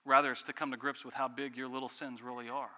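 Pastor guy preaching, bright forceful voice, asks lots of questions, goes soft on key bits, big reverb like a hall. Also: mid-range voice, little pitch movement, fast. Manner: earnest preaching with rhetorical questions and dramatic drops in volume. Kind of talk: sermon.

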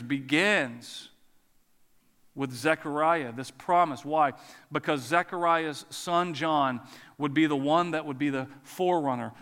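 A man's voice: mid-range voice, a bit bright. A male pastor giving an earnest sermon that explains scripture and includes a prayer. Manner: earnest, expository, uses emphasis. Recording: long echo of a large hall.

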